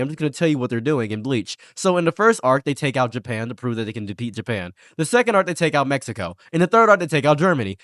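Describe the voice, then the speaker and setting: Brief: lively, slightly high male host, dry close mic, excitable stammering ranter. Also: no echo. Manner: animated, laughing, stammering restarts. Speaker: podcast host. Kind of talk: casual commentary chat.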